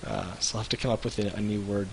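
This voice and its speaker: A man in his thirties, co-hosting a livestream, telling rambling animated stories with lots of restarts. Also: lowish voice, quick pace, vocal fry, a little hiss or hum, poor audio. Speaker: web show co-host. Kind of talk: casual livestream chat.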